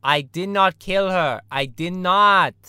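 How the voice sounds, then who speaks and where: A man doing an impression of a stubborn male film director, repeating halting, flat denials. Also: sits high, clean tone, dry recording, full character voice. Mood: defensive. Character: male Tommy Wiseau impression, insistent denials.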